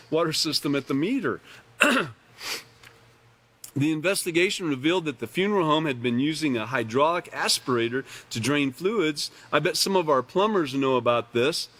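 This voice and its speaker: Casual, throat-clearing male instructor. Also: fairly high pitch, a bit bright. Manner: casual, rambling, with joking asides; clears his throat often. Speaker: class instructor. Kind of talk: live online class with slides.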